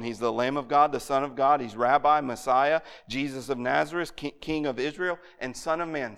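A man's voice: on the high side, a bit bright. Earnest man teaching scripture. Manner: earnest, emphatic, quoting scripture with repeated restarts. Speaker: Bible teacher. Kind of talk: lecture on scripture.

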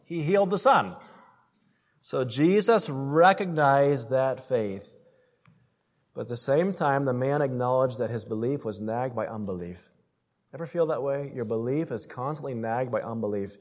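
Male pastor mid-sermon, animated, swings from loud to hushed, asks the congregation questions. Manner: animated preaching, swinging between loud emphasis and soft low asides; addresses the congregation with rhetorical questions.

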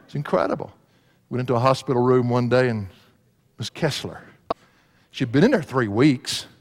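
Here a pastor preaches with a medium-pitched voice at an ordinary pace, telling stories throughout. His manner is folksy and he laughs at his own yarns; the recording carries long hall reverb.

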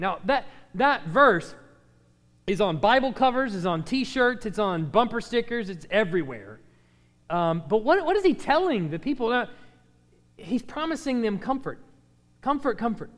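Animated high-voiced man teaching scripture. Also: normal speed. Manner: animated, reads verses dramatically, repeats words when restarting. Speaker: Bible study teacher. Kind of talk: Bible class teaching with scripture reading. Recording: long hall reverb.

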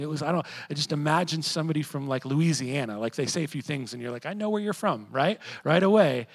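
Man preaching, quiet to emphatic. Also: fairly high pitch, fairly quick, few pauses, rough recording. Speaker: pastor. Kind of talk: sermon.

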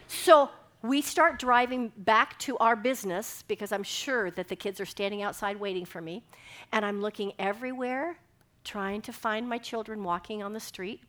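A woman's voice: mid-range voice, moderate pace, a bit bright. A middle-aged woman giving a sermon, telling a personal story and acting out the dialogue with animation. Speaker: speaker giving a devotional talk.

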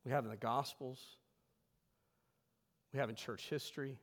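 A man's voice: fairly even intonation, moderate pace. Emphatic male pastor in a reverberant sanctuary. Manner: emphatic preaching, swells loud then drops low. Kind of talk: sermon. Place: church sanctuary.

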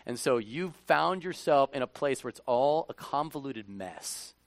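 A male pastor giving a conversational sermon, animated, swinging from hushed asides to loud, emphatic bursts. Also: mid-range voice, unhurried, vocal fry, no room sound.

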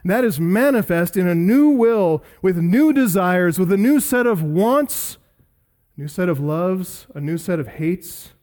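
A male pastor preaching an expository sermon, emphatic, building through repeated lists and slowing down on key words. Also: high-pitched, lively intonation, darkish tone.

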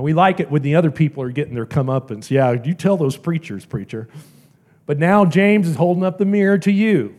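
A man preaching a sermon in church, earnest and emphatic, his voice rising and falling sharply in loudness. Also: medium pitch. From American South. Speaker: pastor.

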